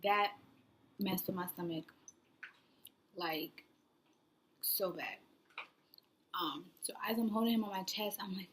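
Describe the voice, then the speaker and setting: A young woman telling her own story in a casual vlog, rambling with lots of "like" fillers and sometimes dropping to a soft near-whisper. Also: mid-range voice, steady tone, moderate pace, a little hiss or hum. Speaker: new mother vlogger.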